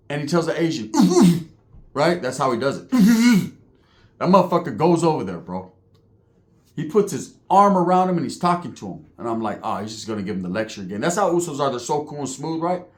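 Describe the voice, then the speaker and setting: A man telling prison stories in a casual monologue, animated and profane, heavy on street slang, acting out the people he describes. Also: on the high side, brisk. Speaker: storyteller recounting prison life.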